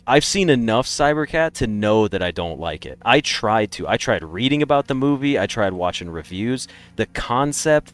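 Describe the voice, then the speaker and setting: A man streaming a game, chatting casually and rambling through opinionated takes. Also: medium pitch. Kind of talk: casual live-stream chat.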